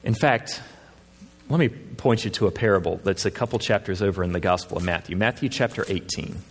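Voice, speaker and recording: A man's voice: low-pitched, fairly quick, big-room sound. A man preaching a sermon as a pastor, reasoning earnestly with his congregation and pressing his points with rising emphasis.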